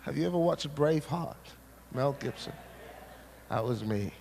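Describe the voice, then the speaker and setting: Animated male preacher in echoey hall. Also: a little high, a little fast, creaky. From Scotland. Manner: animated storyteller, punchy repetition, jokey asides to the crowd. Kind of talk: sermon. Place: large hall at a church seminar. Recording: echoey hall, faint noise.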